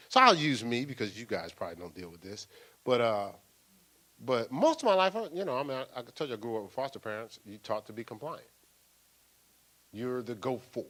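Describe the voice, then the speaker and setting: An older man, a pastor, preaching a sermon in a lively, playful way with laughter and acted-out asides. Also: medium pitch, a little fast.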